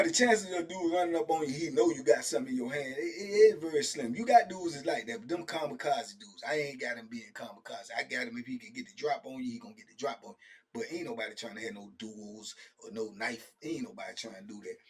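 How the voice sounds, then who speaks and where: A middle-aged man hosting a show, animatedly telling a prison story in slang, acting out the people in it and often checking in with his listener. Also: medium pitch. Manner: lively, slangy, acts out the other people he quotes; keeps checking in with "right?" and "you know what I'm saying?". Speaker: host telling prison stories.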